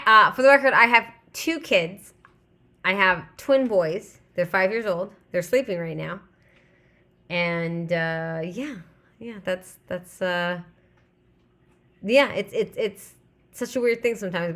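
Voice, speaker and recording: Her voice is mid-range, pushed and bright, as she hosts a casual live stream. The woman, in her thirties, rambles chattily and reads the chat aloud to her audience.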